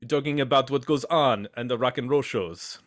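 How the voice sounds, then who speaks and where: A man hosts a casual podcast roundtable in a mid-pitched voice. He is chatty and self-deprecating as he introduces his guests. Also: normal speed. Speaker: podcast host.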